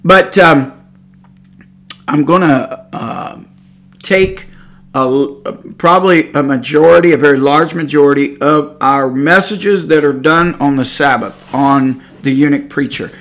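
A man's voice: fairly high pitch, unhurried, fairly bright tone. Folksy rambling Texan man. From Texas. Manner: folksy, meandering storytelling with many fillers. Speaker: podcast host. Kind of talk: rambling religious podcast talk.

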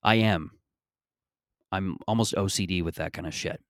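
A man's voice: deep voice, normal speed, no echo, studio quality. A man around thirty hosting his own podcast outdoors in a backyard, rambling and joking with a bit of profanity. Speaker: podcast host. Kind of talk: casual solo podcast monologue.

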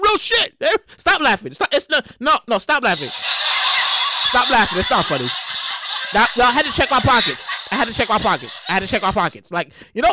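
A woman's voice: high voice, bright, forceful tone, no room sound, clean studio sound. A woman delivering a casual comedic monologue, rambling, slangy and full of exclamations. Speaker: comedic storyteller.

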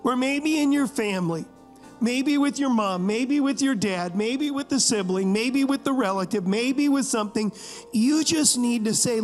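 A male pastor with a strikingly high voice preaches to his church. He tells stories in a loose, joking way and keeps calling on the congregation to agree with him, while soft music plays faintly in the background. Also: normal speed. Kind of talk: sermon with storytelling. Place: church service.

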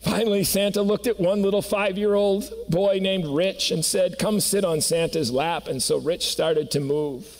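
A pastor preaches in a church sanctuary, telling stories earnestly and building to emphatic peaks. His high-pitched voice moves at a moderate pace with few pauses, carried by the long reverb of the church hall.

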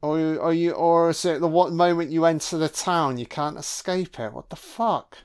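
A man's voice: fairly high pitch, fairly even intonation, normal speed, darkish tone, smooth. A man giving a casual film commentary, sweary, sarcastic and mocking.

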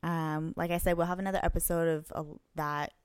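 A woman with a lowish, smooth, resonant voice tells a story on a casual podcast. She is animated and swears freely, acting out other people's lines as she goes. She is recorded dry and close on a podcast mic. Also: brisk, dry recording. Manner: animated, swears freely, plays out quoted dialogue. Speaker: podcast co-host.

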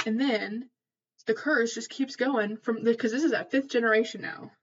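A woman's voice: fairly high pitch, steady tone, normal speed, breathy edge, dull audio. A woman hosting a casual mythology podcast, rambling with lots of fillers, casual swearing and lost trains of thought. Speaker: podcast host.

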